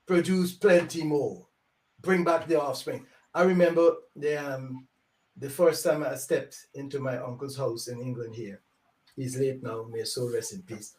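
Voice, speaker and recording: An older man speaking as an elder guest on a live show, preachy, repeating phrases for emphasis and swinging between loud and quiet. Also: a little high. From Africa. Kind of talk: impassioned live show monologue. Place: home. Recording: roomy, distant mic.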